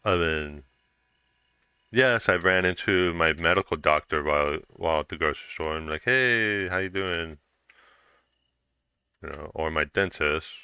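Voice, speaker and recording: A man's voice: rumbling low, steady tone, normal speed, gravelly, sharp tone, clear, resonant tone, dry recording. A young man chatting casually while streaming a game, rambling through a story with lots of fillers and restarts.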